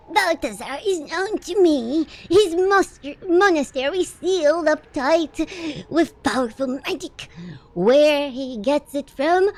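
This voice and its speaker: A woman voicing an old male wizard in a lowered, gruff put-on voice while reading game lines aloud.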